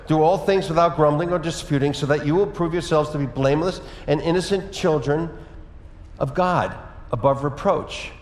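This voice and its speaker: A man preaching a sermon as pastor, telling a personal story in a conversational way with lively asides. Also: fairly high pitch, moderate pace. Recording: echoey hall with long reverb.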